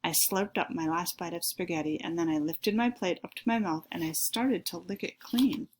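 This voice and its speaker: A woman's voice: lowish voice, moderate pace, a little hiss or hum. A woman reading a children's chapter book aloud, friendly and speaking directly to her listeners.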